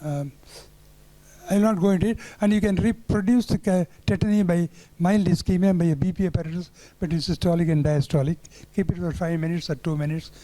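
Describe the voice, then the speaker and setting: A man's voice: high voice, fairly even intonation, fairly quick, mellow, poor audio. An older man with a Tamil Indian English accent giving an anecdotal neurology lecture, repeating phrases for emphasis and chuckling at his own stories.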